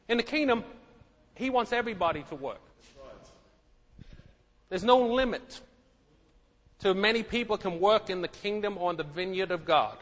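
A man's voice: sits high, fairly bright tone. A middle-aged man preaching a sermon, emphatic and given to repeating words and asking the congregation questions. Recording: echoey hall.

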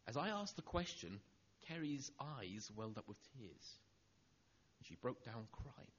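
A middle-aged man preaching a sermon, telling a personal story and acting out the dialogue, going soft and low on the tender lines. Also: very animated, a little slow, lo-fi sound, slight background noise.

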